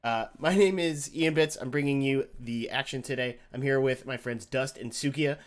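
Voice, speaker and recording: A man with an everyday mid-pitched voice casts a card game tournament over voice chat. He talks in a loose, joking way and often stops mid-sentence to correct himself. His pitch and tone stay ordinary the whole time. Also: normal speed. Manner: chatty, self-correcting, joking. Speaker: tournament caster. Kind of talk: casual esports commentary.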